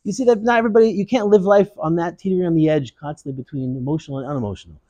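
A man giving a Torah lesson, a digressive and animated storyteller. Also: fairly high pitch, very fast, no room sound, dull audio. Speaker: Torah teacher.

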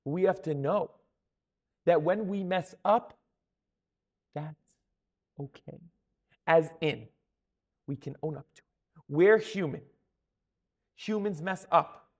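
A man giving an animated Torah sermon. He acts out the people he quotes and often restarts his words. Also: a little high, slow, pauses often. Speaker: Torah teacher.

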